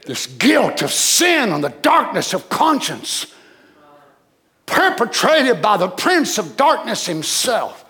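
A man preaching a sermon, dropping to low murmurs and rising to loud shouts. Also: very animated, slow.

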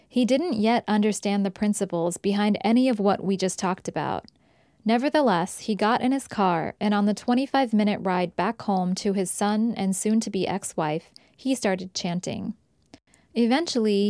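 A woman reading scripted documentary narration in a measured, even way. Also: mid-range voice, no room sound, studio quality.

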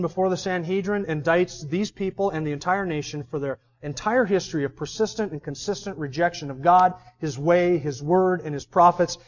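A man's voice: fairly high pitch, highs cut off. A man preaching an expository sermon, reading scripture aloud and then pressing home his points with emphasis.

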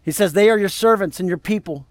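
A man preaching a sermon as pastor, animated and conversational, talking straight to the congregation. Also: high voice, quick pace, no room sound, clean studio sound.

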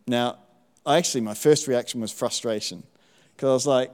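A middle-aged man giving a sermon testimony in church, telling his story in a relaxed, self-deprecating way with frequent ums. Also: mid-range voice, fairly quick, in a large hall. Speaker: church speaker sharing testimony.

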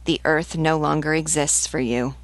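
A woman's voice: low-pitched, fairly even intonation, moderate pace, no echo. A woman reading as a solemn priest. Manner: solemn, prayerful. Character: solemn old male priest.

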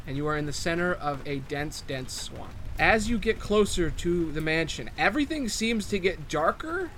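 A man's voice: a little high, big pitch swings, moderate pace, a bit bright, a little hiss or hum. A young man narrating a tabletop game as game master, casual and swearing freely.

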